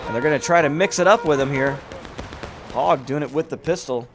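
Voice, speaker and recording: A man hosting and commentating a large online battle game with lively, amused play-by-play. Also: a little high, brisk. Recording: commentary over loud battle crowd noise. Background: crowd and gunfire of a large online battle.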